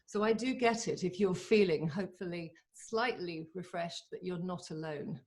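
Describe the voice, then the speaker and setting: Forties woman, motivational speaker on a video call, chatty, eager and fast in spurts. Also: on the low side, a little mellow. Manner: eager and chatty, with quick bursts and laughs. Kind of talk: live online motivational talk.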